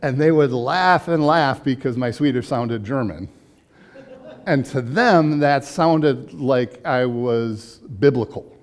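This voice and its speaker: A man giving a casual classroom lecture to an adult church group. He talks in a loose, chatty way, full of fillers and restarts, at a middling pitch for a man. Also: slow pace. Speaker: adult education class teacher.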